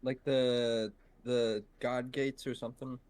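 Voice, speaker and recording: A man's voice: medium pitch, little pitch movement, takes it slowly, a little mellow, clear, resonant tone. A man playing a tabletop game, chatting casually and thinking aloud with hesitant fillers. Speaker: player.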